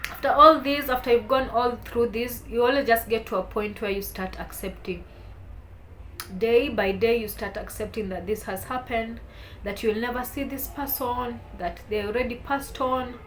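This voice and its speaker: A young woman, talking to camera in a heartfelt, halting way while holding back tears. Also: on the high side, fairly even intonation, a little hiss or hum. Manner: heartfelt, halting, soft-spoken with emotional swells. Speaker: vlogger. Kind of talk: personal talk to camera.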